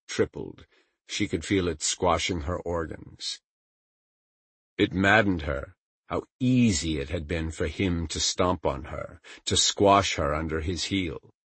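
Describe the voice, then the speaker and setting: A man reading a novel aloud in a measured, dramatic storytelling manner. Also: deep voice, fairly bright tone, breathy edge, no room sound. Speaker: audiobook narrator. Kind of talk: scripted narration.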